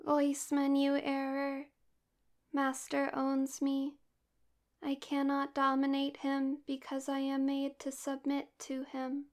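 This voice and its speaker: Woman playing a female robot, high voice, flat monotone, very slow, obedient, mechanical, erotic audio role-play.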